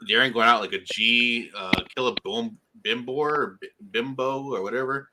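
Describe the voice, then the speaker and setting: A man's voice: medium pitch, moderate pace, noisy background. A man co-hosting a casual TV review chat, laid-back and joking, often laughing. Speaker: podcast co-host.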